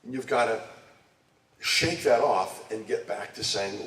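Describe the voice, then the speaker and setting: Man, fairly low voice, church talk, questions the congregation, echoey sanctuary, distant mic. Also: unhurried, a bit bright, a little hiss or hum. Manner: engages the audience with direct questions. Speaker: church member giving a pledge talk. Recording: echoey room, distant mic, faint ambience.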